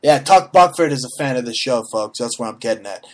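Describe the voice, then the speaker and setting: A man's voice: mid-range voice, animated, brisk. A man hosting a talk show, ranting in a brash, mocking way, swearing freely and checking in with "okay?" over and over. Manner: repeats "okay?" and restarts often, mocks voices in quotes. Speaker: host. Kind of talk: profane comedic political rant.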